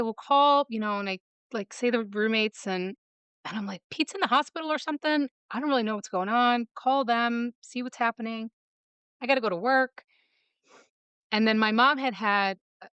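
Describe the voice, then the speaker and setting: Woman from michigan retelling what happened, quotes everyone, says like a lot, smooth clear voice, dry sound. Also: medium pitch, a bit bright, dry recording. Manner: fast retelling, quoting others with "like". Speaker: podcast guest. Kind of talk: personal storytelling.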